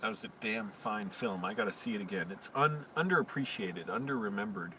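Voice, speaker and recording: A man's voice: lowish voice, brisk, pushed and bright. Man, casual vlog, rambling, crude and self-mocking, distant mic, street traffic noise. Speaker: vlogger, homeless filmmaker.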